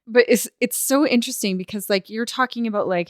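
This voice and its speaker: A woman podcast host with a smooth, resonant voice, recorded close and dry with no room sound. She muses aloud, working through her thoughts as she reacts to her guest in relaxed conversation. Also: fairly high pitch, a little fast, hardly any pauses, no echo. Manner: reflective, thinks aloud. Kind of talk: conversational interview.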